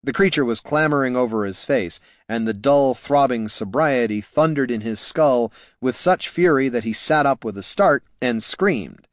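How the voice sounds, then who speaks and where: Wry male fantasy audiobook narrator, mid pitch, dry close recording. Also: moderate pace, hardly any pauses, no echo.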